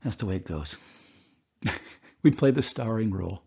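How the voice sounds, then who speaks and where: A man who is a doctor, giving a recorded course lecture and telling a story from his work with animated voices. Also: fairly low pitch, normal speed, vocal fry, slightly rough, lo-fi sound.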